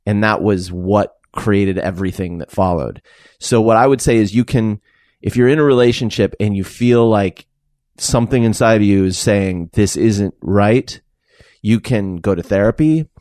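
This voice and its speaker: A man's voice: fairly low pitch, normal speed, a little mellow, no room sound, clean studio sound. A man co-hosting a podcast, giving thoughtful, hesitant advice with many fillers. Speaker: podcast co-host. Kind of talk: casual advice chat.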